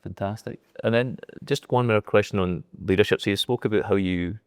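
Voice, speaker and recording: A man's voice: fairly low pitch, fairly quick, smooth, no echo, clean studio sound. A man hosting a podcast, asking follow-up questions and reacting briefly. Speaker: podcast host. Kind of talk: casual interview chat.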